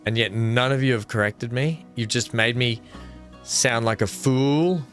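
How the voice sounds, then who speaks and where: A man's voice: mid-range voice, measured pace, fairly bright tone, faint music behind. Rambling, self-mocking male game streamer. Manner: rambling, self-mocking, thinks aloud with many fillers. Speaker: streamer building a theme park in a game. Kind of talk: casual live-stream chat with viewers.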